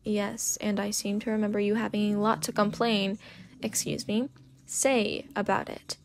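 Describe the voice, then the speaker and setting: A woman's voice: mid-range voice, flat delivery, normal speed, gravelly, close to an everyday voice. Curt snooty teen boy, a woman reading him, whispered role-play, dismissive. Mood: dry. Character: aloof, clipped teenage boy.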